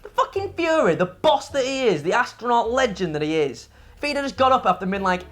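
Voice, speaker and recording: A woman's voice: fairly high pitch, very animated, quick pace. A woman co-hosting a game review show, ranting about a game in casual, profane, exasperated chat.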